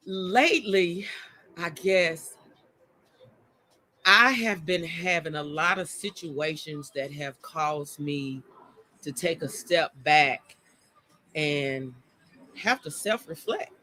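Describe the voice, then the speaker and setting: A woman hosts a casual livestream chat from outdoors, chatty and openly emotional. She greets her viewers by name in a bright, forceful voice. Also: low voice, takes it slowly, pauses often. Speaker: host of a live chat show. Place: outdoors by a motion-sensor light.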